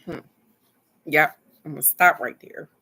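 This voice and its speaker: A woman telling viewers a personal story in a casual, earnest way, pausing to reflect and speaking straight to her audience. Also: low voice, pushed and bright, slightly rough. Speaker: spiritual card-reading host.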